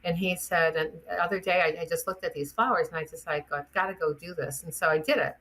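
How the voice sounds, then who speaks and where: An older woman, a chiropractor guest on a podcast, telling animated anecdotes and acting out the voices of the people in them. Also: on the low side, fast talker. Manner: animated, acts out the voices in her stories, laughs often. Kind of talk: anecdotal storytelling.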